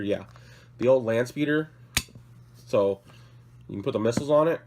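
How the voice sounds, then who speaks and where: At medium pitch and normal speed, a man pauses often, with background noise in the clip. He hosts a casual hobby vlog from his work table despite being sick with a cough, and he rambles, corrects himself, and apologizes while showing off his models.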